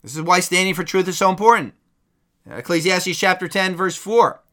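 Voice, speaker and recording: A man's voice: high voice, lively intonation, moderate pace, fairly bright tone. A male preacher giving an emphatic, combative sermon.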